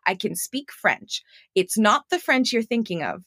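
A woman from Montreal chats as a podcast guest, laughing often and poking fun at herself. She talks at a middle pitch. Her voice comes through a laptop mic in a dry, close recording. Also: very animated, measured pace, fairly bright tone, slightly rough, dry recording. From Montreal, Canada. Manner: giggly, self-deprecating. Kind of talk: casual chat. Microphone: laptop built-in mic.

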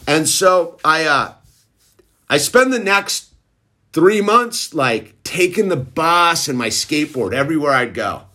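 A man's voice: fairly high pitch, big pitch swings, measured pace, pushed and bright. A middle-aged man casually telling a long personal story in laid-back slang, tossing in "dude" constantly. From Southern California. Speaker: recovery storyteller.

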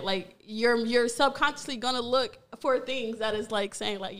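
A woman's voice: a little high, moderate pace, fairly bright tone. Laid-back woman podcast host. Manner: laid-back, slangy, laughs often. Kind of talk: casual chat.

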